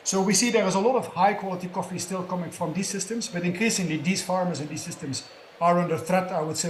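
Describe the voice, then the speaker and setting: A man's voice: sits high, echoey room, slight background noise. A man speaking as a panelist, explaining in a conversational way and often checking in with tag questions. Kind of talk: conference panel talk.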